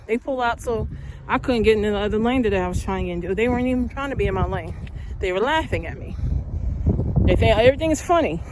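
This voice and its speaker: A woman's voice: medium pitch, a little hiss or hum. A woman chatting and telling a story while out walking, a little out of breath, growing heated as she talks. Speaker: vlogger. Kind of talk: casual walking vlog. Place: outdoors, walking.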